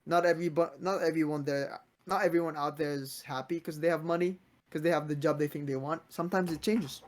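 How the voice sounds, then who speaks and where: A man's voice: a little high, fairly even intonation, fairly quick. A man in his twenties hosting a casual podcast, talking earnestly and motivationally, often restarting his sentences. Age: 20s. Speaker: podcast host.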